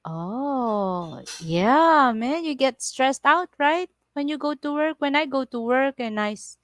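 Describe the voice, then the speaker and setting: A woman with a Filipino accent chats to her livestream viewers in unhurried, drawn-out phrases. Her English is broken but lively, and her storytelling is animated and full of laughter. The sound is dry and close, with no room around it. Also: high-pitched, dry recording. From Philippines. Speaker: vlogger on a livestream. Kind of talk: casual livestream chat.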